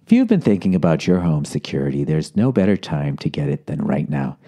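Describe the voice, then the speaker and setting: A man's voice: a bass voice, big pitch swings, a little fast, dark tone. Guy reading podcast ads, sarcastic, swears a lot, voice jumps all over. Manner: sarcastic, riffing off ad copy with profanity. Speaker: podcast host. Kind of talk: casual podcast ad read.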